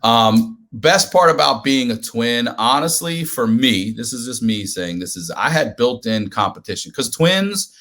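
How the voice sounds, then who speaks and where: Bright-voiced man telling a wild story. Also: mid-range voice, a little slow, hardly any pauses. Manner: animated, profane, acts out quoted voices. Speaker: podcast guest. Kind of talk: comedic storytelling.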